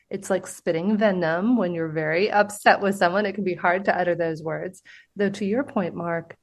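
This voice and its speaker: A woman, an author and TV host appearing as a podcast guest, telling stories in an earnest, expressive way. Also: fairly low pitch. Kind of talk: conversational interview.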